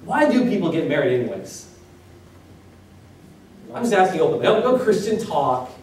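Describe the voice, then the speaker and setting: A man's voice: on the high side, very animated, normal speed, darkish tone, a little hiss or hum. A man pastor giving a casual, joking sermon, asking the congregation questions as he goes. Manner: conversational, joking with the congregation, asks them questions. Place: church sanctuary. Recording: echoey hall recorded from far off.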